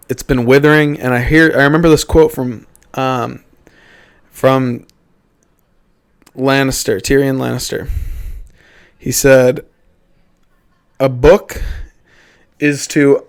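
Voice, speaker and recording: A young Canadian man hosts a casual solo podcast in a mid-range, creaky voice. He rambles and swears, often cutting himself off mid-thought and starting over.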